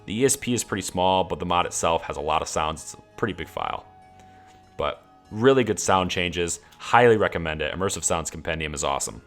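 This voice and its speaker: A man's voice: low voice, expressive, a little fast, faint music behind. A man streaming a game, casually walking through his mod list in a rambling, enthusiastic way with many fillers. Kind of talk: casual walkthrough of game mods.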